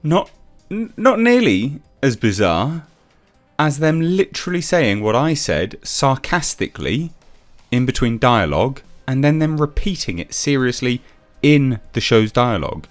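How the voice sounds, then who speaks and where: A man's voice: medium pitch, sing-song, a little slow, faint music behind. A man reviewing a TV episode in a sarcastic, exasperated rant, swearing freely. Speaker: TV show reviewer. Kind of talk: ranting video review.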